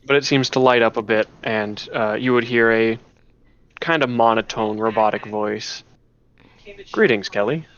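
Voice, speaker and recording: A man's voice: fairly low pitch, flat delivery, moderate pace, a bit bright, smooth, highs cut off. A man narrating a tabletop game as game master, rambling with many restarts and fillers. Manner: rambling, full of "you know" and restarts.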